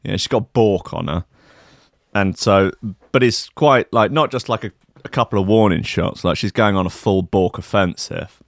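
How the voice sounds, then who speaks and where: Wry rambling man, low dry voice. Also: normal speed, vocal fry, no room sound. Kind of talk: comic storytelling monologue.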